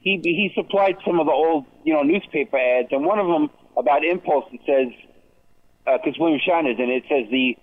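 A male podcast guest heard over a thin, phone-like line, with a slightly high voice. He talks earnestly and rambles, often restarting his sentences and running over the other speakers. His pace is casual and conversational. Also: a little fast. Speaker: event organizer, guest. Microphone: phone or call audio.

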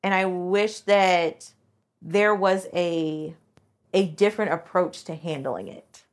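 A woman's voice: fairly low pitch, slow pace. Woman podcast host, casual personal storytelling, candid and emotional. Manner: candid, emotional, many "like" fillers.

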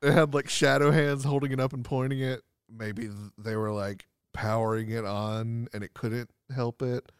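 A man's voice: mid-range voice, fairly even intonation, normal speed, hardly any pauses, smooth, no echo, studio quality. A man co-hosting a podcast who chats casually about films, acting out quotes in silly voices and laughing often. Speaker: podcast co-host. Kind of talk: casual movie chat.

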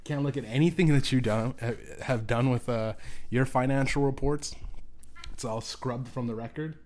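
A man briefly putting on the voice of an evasive male financier who brushes off questions quickly and dismissively. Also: mid-range voice, darkish tone, natural voice.

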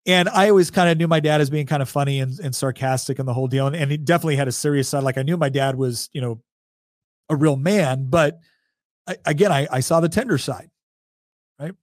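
A man's voice: fairly high pitch, quick pace, dry recording, clean studio sound. A man in his forties telling a personal story as a podcast guest, chatty, laughing often and restarting sentences. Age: 40s. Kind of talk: casual storytelling.

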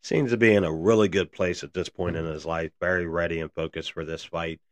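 A man's voice: low-pitched, steady tone, a little fast, dry recording. A man hosting a casual solo podcast, rambling with lots of fillers and calling his listeners "man" and "guys.". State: briefly out of breath. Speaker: podcast host.

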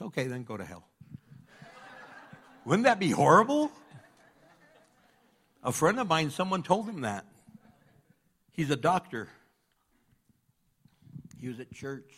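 A man preaching a sermon, animated, jumping between loud outbursts and quiet asides as he acts out the people in his stories. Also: mid-range voice. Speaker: pastor.

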